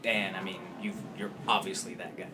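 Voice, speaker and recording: A podcast host with a low voice speaks in a relaxed, admiring way. Clear background noise sits under his voice throughout. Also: brisk. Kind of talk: casual podcast interview.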